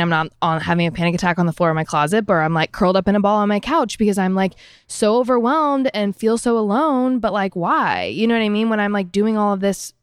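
A woman in her thirties sharing in a book group, effusive and rambling, with a lot of "like" and a pace that swings between rushed and slow. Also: on the low side, clean tone, dry recording, studio quality. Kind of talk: casual personal sharing.

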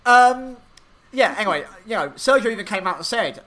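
A man co-hosting a podcast, talking through his racing analysis in a rambling, animated way with many fillers. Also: sits high, normal speed. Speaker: podcast co-host. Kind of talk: casual motorsport podcast chat.

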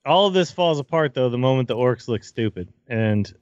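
A man co-hosting a gaming podcast, excited and wisecracking in casual chat. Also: medium pitch, brisk, dry recording, highs cut off.

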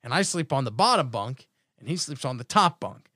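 A man in his thirties hosts a podcast, spinning rambling comic stories in a casual way and frequently joking and laughing. His mid-range voice is sing-song, brisk, pushed and bright, captured with studio quality and no echo.

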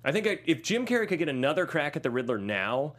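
Male podcast host, casual movie chat, animated, jokey, slightly high voice. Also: fast. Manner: animated, jokey, acts out quotes, swears casually.

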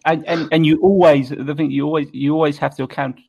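A man's voice: a little high, steady tone, fast talker, vocal fry, muffled recording, a loud crowd. A British man with a posh accent, dry and mock-haughty in casual chat. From United Kingdom. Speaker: beard club board member.

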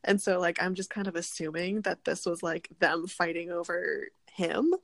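A woman's voice: on the low side, fairly even intonation, normal speed, vocal fry, no room sound, clean studio sound. A woman in casual podcast chat about a comic, wry and thinking aloud as she talks. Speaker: podcast co-host.

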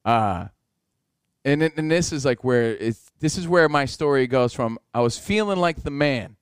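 A man's voice: medium pitch, normal speed, clear, resonant tone, no echo, clean studio sound. A man telling a long story in casual chat, acting out the people in it and swearing freely. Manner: animated, acts out voices, swears.

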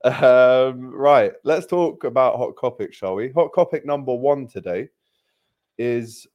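A young man hosts a casual football podcast. His voice sits at an ordinary middle pitch. He tells stories in a brisk, chatty way and drops in viewer plugs and shout-outs. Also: muffled recording. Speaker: podcast host.

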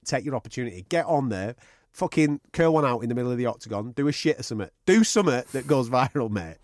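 Animated man, lively swearing chatter. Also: mid-range voice, quick pace, hardly any pauses, dry recording, studio quality. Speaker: podcast co-host. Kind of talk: casual chat.

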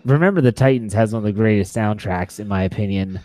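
A man's voice: on the low side, fast, darkish tone, dry recording. A young man co-hosting a podcast, rambling and enthusiastic as he talks about sports movies, often restarting his sentences. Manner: rambling, self-correcting, enthusiastic. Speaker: podcast co-host. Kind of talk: casual sports movie chat.

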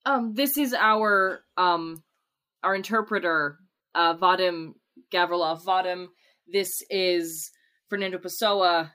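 A woman playing a tabletop game, unhurried and earnest. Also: lowish voice, pushed and bright, smooth. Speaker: player. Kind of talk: casual tabletop play.

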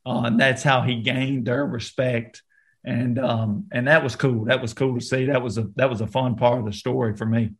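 Speaking at a moderate pace and medium pitch, a Southern-accented actor talks casually as a guest in a podcast interview. His speech is loose and easygoing, packed with fillers and false starts.

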